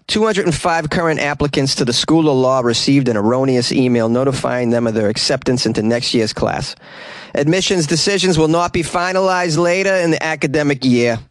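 A man voicing a broad Boston-accented news reader, reading in an animated, mock-indignant way from a small closet. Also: on the high side, no echo, natural voice.

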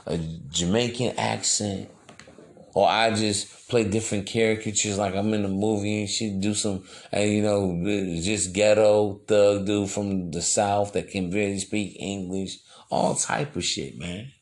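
This man's voice is fairly low and creaky. As a podcast host, he rambles through a casual monologue that is slangy, loose, and preachy.

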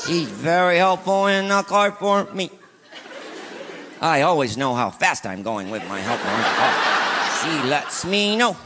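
A man with a high voice performs stand-up on stage and plays both halves of a married couple's spats, breaking into loud comic bursts. A laughing crowd and steady noise sit behind him in the live recording. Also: measured pace, long reverb tail. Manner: acts out both sides of marital bickering, big comic outbursts. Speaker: stand-up comedian. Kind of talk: stand-up comedy routine. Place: stage before a live audience.

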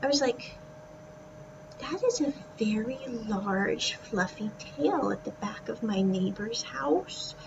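Woman podcaster, casual storytelling, fairly high voice, laughs a lot, slips into whispers, dull lo-fi sound. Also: slow pace, vocal fry. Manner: chatty and animated, laughs often, dips into whispers. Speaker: podcast host. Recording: distant mic, dull sound, steady background noise.

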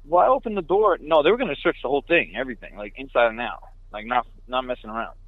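A man from New York City, a truck driver, telling a story in casual chat with quick laughing asides. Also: medium pitch, no echo. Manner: fast, animated, laughing asides. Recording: dry tinny phone line.

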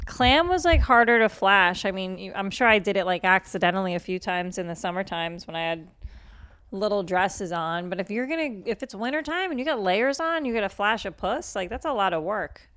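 A woman's voice: mid-range voice, animated, a little fast, fairly bright tone, clean tone. A woman hosting a comedy podcast, telling crude, self-mocking stories in casual chat.

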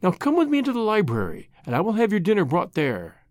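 A narrator voicing a loving, determined middle-aged mother who speaks softly and tenderly. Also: mid-range voice, huge pitch swings, fast talker, dry recording, clean studio sound, pitched above the performer's own voice. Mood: gentle. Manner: soft, tender. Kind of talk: reading a classic short story aloud.

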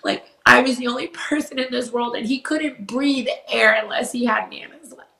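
A woman's voice: on the high side, moderate pace, vocal fry, pushed and bright. Woman telling a painful story in a roomy space. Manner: candid, swearing, voice rising as she gets upset. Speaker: guest. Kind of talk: emotional personal storytelling. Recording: roomy echo.

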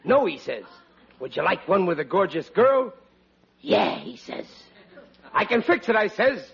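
An actor playing a bumbling, boastful middle-aged father in a 1940s radio sitcom, with a husky voice and an excitable delivery. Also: unhurried, heavily acted. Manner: excitable, boastful, whiny when low. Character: bumbling blustery working-class family father. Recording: dull old radio recording.

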